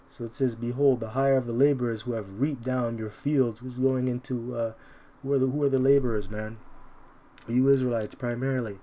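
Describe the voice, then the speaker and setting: A man giving an informal, combative scripture commentary. He reads verses slowly and keeps tacking "man" onto his lines. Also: mid-range voice, fairly even intonation, dark tone. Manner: combative, repeats "man" constantly. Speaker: Bible teacher.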